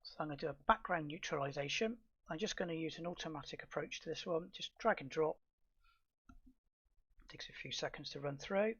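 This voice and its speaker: Middle-aged guy walking thru a software tutorial, husky raspy voice, kinda muffled mic. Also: fairly high pitch, fairly quick. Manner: relaxed step-by-step explaining with fillers and restarts. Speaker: astrophotography tutor. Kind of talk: screen-recorded software tutorial.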